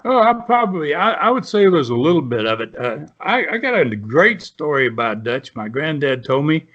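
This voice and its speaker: A man's voice: a little high, very animated, normal speed, a bit bright. Older man telling folksy stories. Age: 70s. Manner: folksy, rambling, frequent "right?" and "you know". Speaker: guest. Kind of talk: storytelling in an interview. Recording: dull lo-fi.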